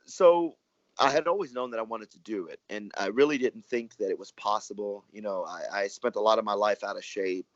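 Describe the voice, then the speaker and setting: A man, a wrestler telling stories in a relaxed interview, rambling and acting out what others said. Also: fairly low pitch, a little fast, no room sound. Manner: rambling, animated, acts out quoted dialogue. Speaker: professional wrestler and guest. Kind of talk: casual storytelling interview. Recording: dry, muffled lo-fi audio.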